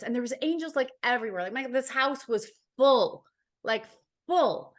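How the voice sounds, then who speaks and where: A woman's voice: fairly high pitch, lively intonation, normal speed. A woman from Ontario, Canada, a healer and psychic, telling a personal story as an interview guest in an earnest, heartfelt way, repeating phrases for emphasis.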